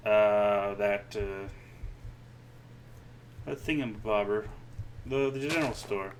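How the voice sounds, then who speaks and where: Slow-talking man musing over a game. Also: on the low side, background noise. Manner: musing aloud to himself, dry asides. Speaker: gameplay commentator. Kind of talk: casual gameplay commentary.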